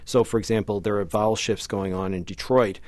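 A man who is a professor and studio guest on a radio talk show, explaining in a measured, slightly halting way. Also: fairly low pitch, fairly even intonation, a little mellow, no echo.

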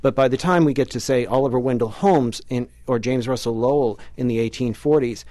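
A man, a linguistics professor, explaining a point in a radio interview in a measured way. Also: medium pitch, warm tone, no echo.

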